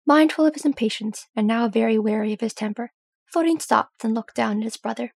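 A woman reading fan fiction aloud, with steady storytelling. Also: fairly high pitch, fairly quick, vocal fry, husky, no room sound. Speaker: audiobook reader.

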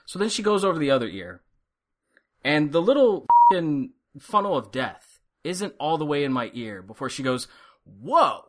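Wearing headphones at a studio mic, this middle-aged podcaster spins a wry, sarcastic tale, voicing every part of the quoted dialogue himself. He pitches on the high side with big swings and keeps a moderate pace.

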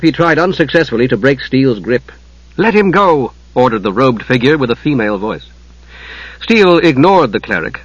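Husky male fantasy audiobook narrator. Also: medium pitch, dry recording, highs cut off. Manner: measured, dramatic storytelling.

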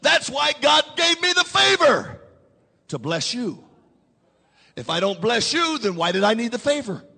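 A man preaches a sermon in a strikingly high, bright voice. He repeats his key lines, calls on the congregation to answer, and climbs to shouts. The sound rings with the long reverb of a large hall. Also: sing-song, a little slow, creaky, husky. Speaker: pastor.

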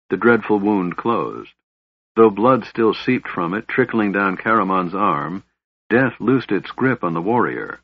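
A man narrating a fantasy novel in a measured, even storytelling voice. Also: lowish voice, breathy edge. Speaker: audiobook narrator. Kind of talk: scripted narration. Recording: slightly dull, dry recording.

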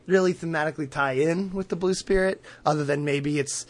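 Brisk and with few pauses, a man with a slightly high voice recaps a cartoon episode while co-hosting a podcast. He laughs a lot, uses many fillers, and acts out quotes in casual talk.

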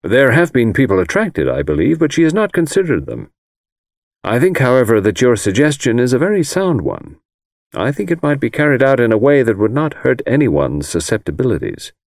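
A man reading the part of a precise, disapproving older lawyer in an audiobook, measured and formal, choosing his words carefully. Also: medium pitch, sing-song, no room sound, clean studio sound, pitched above the performer's own voice.

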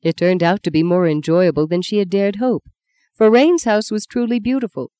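Brief: steady novel narrator, mid-pitched, dry studio read. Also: clear, resonant tone, no room sound. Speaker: audiobook narrator.

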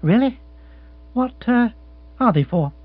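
A man voicing an excitable young male aristocrat who talks in a breezy, flustered, exclamatory way. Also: very high voice, takes it slowly, no echo, voice pushed up, full character voice. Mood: chirpy. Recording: tinny phone-like sound with mains hum.

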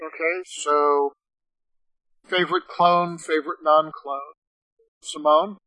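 A woman's voice: sits low, fairly even intonation, slow, fairly bright tone, dry recording, poor audio. A woman hosting a casual podcast, calling on each panelist in turn. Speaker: podcast host.

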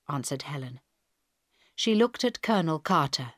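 A woman narrating a story in a measured, clearly enunciated way, as a scripted audiobook reading. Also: very deep voice, lively intonation, dry recording, studio quality.

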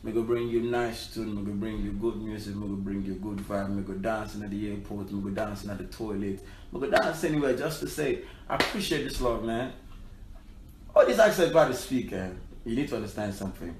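A man's voice: on the low side, fairly quick, reverberant, a little hiss or hum. A man with a Nigerian accent, a musician giving brash, profane, playful advice in a casual vlog.

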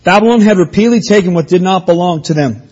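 A man's voice: high-pitched, fast, a little mellow, breathy edge, highs cut off. A man preaching an expository sermon, reading scripture aloud and explaining it in an earnest teaching manner. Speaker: pastor.

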